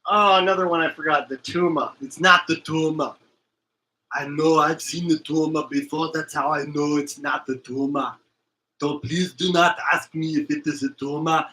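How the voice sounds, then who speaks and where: A man doing a comic impression of an older action-movie muscleman, making slow, emphatic, repetitive pronouncements. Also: on the high side, steady tone, pushed and bright, low-quality recording. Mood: mock-serious.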